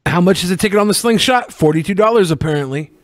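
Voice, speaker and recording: A man's voice: high-pitched, expressive, fast talker, dry recording, clean studio sound. Wisecracking podcast co-host man. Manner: wisecracking, laughs easily. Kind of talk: casual podcast banter.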